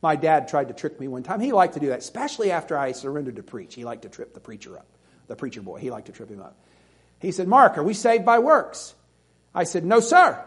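A man's voice: fairly high pitch, big pitch swings, fairly quick, breathy edge. A man preaching a sermon, reading scripture and pleading earnestly with his listeners. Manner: earnest, pleading, reads scripture in King James wording.

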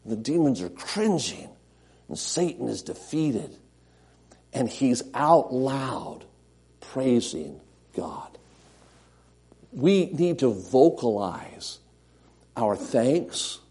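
A middle-aged male pastor delivers a sermon in an earnest preaching manner. His voice is warm and mellow, at a middle pitch. He repeats phrases and swings between loud and hushed delivery. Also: very animated, drawn-out words, pauses often, breathy edge.

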